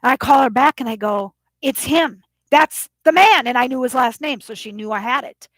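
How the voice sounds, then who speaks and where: A woman's voice: on the high side, fast, fairly bright tone, dry recording. A woman vlogger retelling a phone call in an agitated, rambling way, often quoting both sides. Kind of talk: casual vlog rant.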